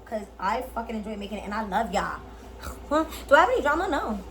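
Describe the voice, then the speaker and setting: A woman vlogger giving a casual tutorial straight to camera. She is playful and blunt, swears a lot and uses slang, and at times drops into a low, slow sultry voice to demonstrate. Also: animated, a little hiss or hum, rough recording. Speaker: beauty and lifestyle vlogger.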